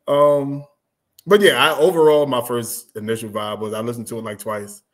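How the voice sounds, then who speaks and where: A man's voice: medium pitch, steady tone, normal speed. A man co-hosting a casual chat, talking loosely, laughing often and trailing off mid-thought. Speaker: podcast co-host. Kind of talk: casual chat about rap.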